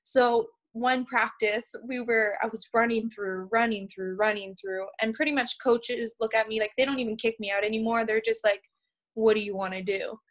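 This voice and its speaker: A young woman from Canada, a pole vaulter and podcast guest, telling lively stories and laughing often. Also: fairly high pitch, normal speed, few pauses. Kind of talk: podcast interview storytelling.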